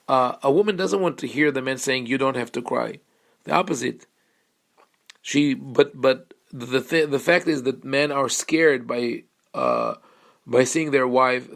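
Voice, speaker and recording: Rabbi guy giving a torah class, kinda gravelly, keeps restarting sentences. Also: medium pitch, fairly bright tone. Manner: halting, with many restarts and fillers.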